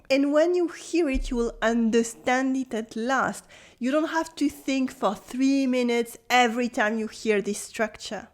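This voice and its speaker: A woman teaching a scripted online lesson. Her voice sits a little high, and she speaks clearly and patiently, walking learners through each example with an encouraging tone. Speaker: French teacher.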